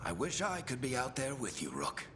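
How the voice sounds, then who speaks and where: An actor playing a loyal dwarf companion, speaking in a concerned, protective way, heard as game audio. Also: male voice, wildly swooping pitch, moderate pace. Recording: game audio with low rumble noise.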